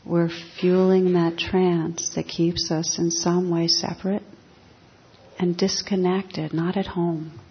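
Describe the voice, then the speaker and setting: Woman giving a dharma talk, husky low voice, calm reflective, dull lo-fi recording. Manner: calm, reflective, unhurried storytelling. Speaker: meditation teacher.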